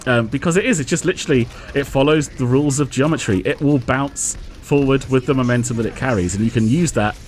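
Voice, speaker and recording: A man's voice: mid-range voice, fast talker, few pauses, a little mellow, soft background music. A man hosting a casual gameplay commentary, talking in an analytical, self-mocking way at a desk microphone. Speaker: host.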